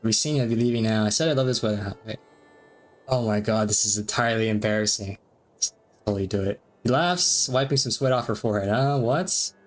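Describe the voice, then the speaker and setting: A man streaming a game, reading its dialogue aloud between quick reactions and frequent laughs. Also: fairly low pitch, soft background music. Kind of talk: let's-play commentary reading game text aloud.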